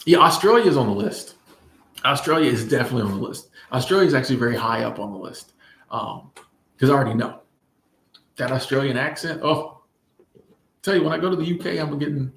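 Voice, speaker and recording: A man hosting a casual livestream, reading chat and answering viewers in a relaxed, playful way, often repeating his phrases. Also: medium pitch, a little hiss or hum. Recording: echoey room.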